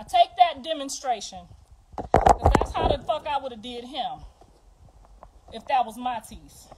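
A middle-aged woman ranting on a livestream, profane and confrontational, swinging between loud outbursts and hushed, bitter remarks. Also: high voice, a little hiss or hum, rough recording. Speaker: livestream host. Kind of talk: emotional livestream rant.

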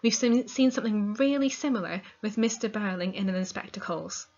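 A woman gives a literature lesson, reading quoted lines and then unpacking them for students. Her voice sits at an ordinary middle pitch. The recording is slightly dull and lo-fi. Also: steady tone, brisk, darkish tone. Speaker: teacher.

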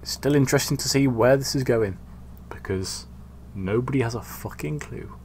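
A man hosting a casual gaming commentary, dry, deadpan and sweary. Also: medium pitch, moderate pace, slight background noise. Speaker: host.

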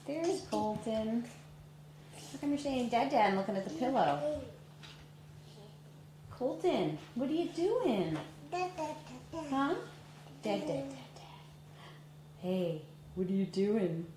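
A woman's voice: fairly high pitch, animated, unhurried, long pauses, dark tone. A woman filming her baby at home, coaxing him in sing-song baby talk. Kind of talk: home video, talking to a toddler. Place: living room at home. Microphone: handheld camera. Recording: roomy home video with background noise.

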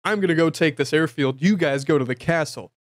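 A man voicing a smooth, cocky male secret agent who hands out orders breezily during a game recap. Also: on the high side, brisk, dry recording, close to an everyday voice. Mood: breezy.

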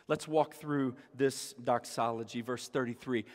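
A man's voice: high voice, expressive, measured pace, a bit bright, long reverb tail. A man preaching a sermon as a pastor, emphatic, repeating key phrases and rising to exclamations. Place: church sanctuary.

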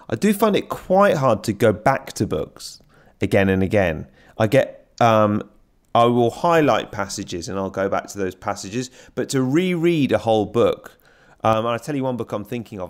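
A man hosts a podcast in relaxed conversation with a fairly low voice. He is chatty and playful and keeps asking his guest questions. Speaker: podcast host. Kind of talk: casual conversation.

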